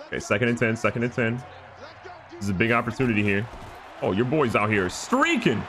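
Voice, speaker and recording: A man giving excited, joking gameplay commentary as a gaming YouTuber. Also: medium pitch, fairly quick, noisy background. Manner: animated, joking, trash-talking.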